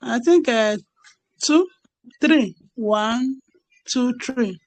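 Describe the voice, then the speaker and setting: A woman's voice: fairly high pitch, very slow, dry recording, rough recording. A woman student on a video call, hesitant and careful, spelling words letter by letter. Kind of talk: online lesson practice.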